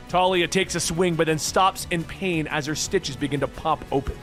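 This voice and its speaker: Man narrating a comic story, higher voice. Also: normal speed, faint music behind. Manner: reads every character in the same even voice.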